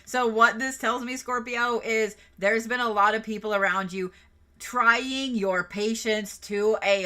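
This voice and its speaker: A woman's voice: medium pitch, sharp tone. A woman giving casual zodiac card readings on a livestream, chatty and playful, swearing and giggling as she goes. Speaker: reiki practitioner and tarot reader.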